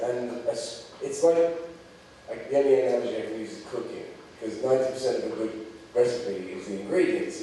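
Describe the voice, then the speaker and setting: Man, actor, joking, self-deprecating, festival Q&A, heard from far off, booming hall echo. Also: dark tone, a little hiss or hum. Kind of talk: festival Q&A answers. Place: festival screening venue, audience. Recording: roomy hall audio from far off.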